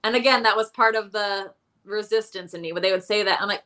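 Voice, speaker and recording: A woman guest in a casual interview, recounting her money struggles with candid, self-mocking humor. Her voice is bright and forward, and she talks loosely with frequent ums and restarts. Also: mid-range voice, fast. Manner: candid, self-deprecating storytelling with many fillers.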